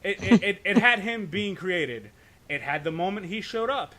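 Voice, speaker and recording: Man ranting on a podcast, slightly high voice. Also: expressive, moderate pace, pushed and bright. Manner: profane, rambling rant with frequent "right?" and stammered restarts. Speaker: podcast co-host. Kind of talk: casual podcast discussion.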